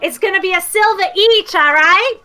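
A woman's voice: extremely high pitch, sharp tone, faint music behind, voice pushed up. A woman voicing a cheeky, mouthy street kid who runs a rickshaw. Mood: sassy. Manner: brash, rapid, mouthy.

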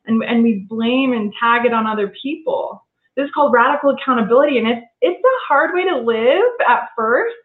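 A woman talking earnestly in a casual conversation, reflective and prone to restarting her sentences. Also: fairly high pitch. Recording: tinny phone-line sound in an echoey room.

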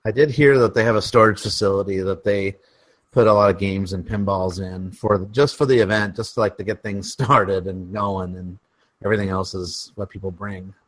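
A man's voice: low voice, fairly even intonation, moderate pace, no room sound. A man in a casual podcast chat, talking loosely, laughing often, and saying "like" a lot.

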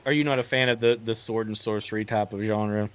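A man from the United States chatting casually on a podcast, telling stories in an animated, jokey way. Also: lowish voice, a little fast, a little hiss or hum. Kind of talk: casual chat.

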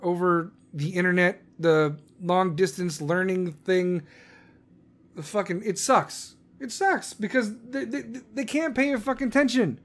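A man's voice: high-pitched, measured pace. Man ranting angrily, swearing nonstop. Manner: heated, swears constantly, stumbles and restarts. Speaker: parent ranting on camera. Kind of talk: profane angry rant.

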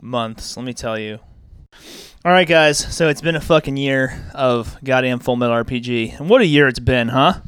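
A young man co-hosting a podcast, joking loudly and swearing freely in casual chat. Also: mid-range voice, moderate pace, clear, resonant tone, no echo. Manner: profane, boisterous, joking. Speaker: podcast co-host.

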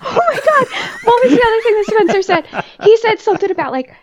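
A woman hosting a podcast, retelling a TV episode in animated, laughing casual chat. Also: very high voice, quick pace. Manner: animated storytelling, laughs often. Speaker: podcast host.

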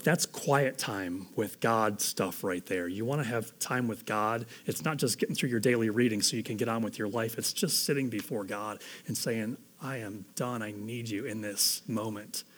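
Earnest, conversational male pastor. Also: fairly low pitch. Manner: earnest, conversational, grows soft and hushed toward the end. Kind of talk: sermon.

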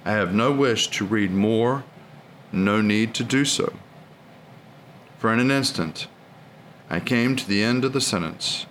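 A man giving a steady, reverent recitation of prayers and a devotional reading in a liturgical service. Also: lowish voice, unhurried, long pauses, slight background noise.

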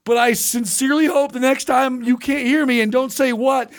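A man's voice: very high-pitched, fairly even intonation, normal speed. A man co-hosting a casual comedy podcast who rants in an indignant, contrarian way. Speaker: podcast co-host. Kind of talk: casual chat.

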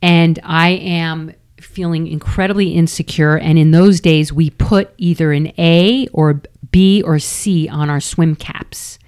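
A woman's voice: deep voice, fairly even intonation, measured pace, hardly any pauses, a little mellow, clear, resonant tone. A middle-aged woman from New York, a former triathlete, telling a candid, self-deprecating story as an interview guest.

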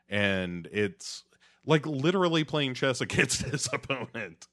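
A man's voice: lowish voice, slow, pushed and bright. A man co-hosting a podcast, recapping in a laid-back casual chat and dropping into playful silly voices. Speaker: podcast co-host.

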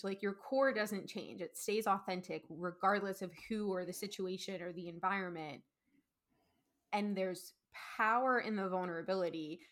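A woman hosts a podcast in a casual, chatty way, affirming her guest with enthusiasm. She fills her speech with casual filler words, and her voice sits at a middle pitch. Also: fairly bright tone. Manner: affirming and enthusiastic, many "mm-hmm"s and "like"s. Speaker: podcast host. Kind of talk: casual interview chat.

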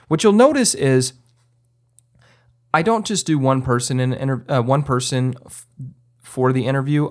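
A man hosting a podcast, explaining filmmaking in a loose, conversational way and acting out what he tells people on set. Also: mid-range voice. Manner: conversational, many fillers and restarts, acts out his own directions. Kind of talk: casual instructional talk.

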